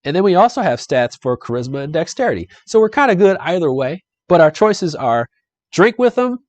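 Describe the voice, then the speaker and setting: A man's voice: on the high side, big pitch swings, brisk, darkish tone, no echo. A young adult man streaming a solo board game live, chatty and upbeat as he talks to viewers and reads the adventure text. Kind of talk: casual live-stream playthrough commentary.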